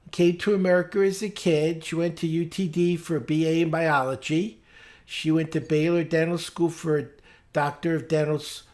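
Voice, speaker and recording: This club meeting leader has a low-pitched, somewhat dark voice. She chairs the small club's business meeting by video call, talking casually and with some hesitation while checking her calendar aloud.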